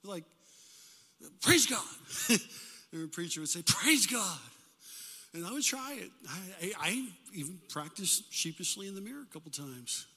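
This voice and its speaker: Older man, pastor, animated sermon, congregation call-and-response, reverberant church sanctuary. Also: high-pitched, brisk, hardly any pauses. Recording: hall reverb.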